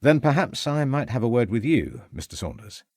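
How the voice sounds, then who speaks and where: A man's voice: medium pitch, big pitch swings, darkish tone, slightly rough, no room sound, studio quality, voice pushed up. A man voicing a determined male police inspector who speaks firmly and assertively. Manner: firm, assertive, measured.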